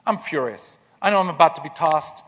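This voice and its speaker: A man telling a personal story in an earnest way, repeating words as he starts and going quiet in tender moments. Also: on the high side, lively intonation, brisk, long reverb tail. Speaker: speaker telling his life story.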